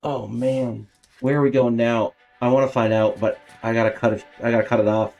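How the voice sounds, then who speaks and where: Casual gamer host, young man, mid-pitch, thinks aloud, excitable. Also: fairly quick, vocal fry, dull audio, faint music behind. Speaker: gaming video host. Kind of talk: casual game commentary.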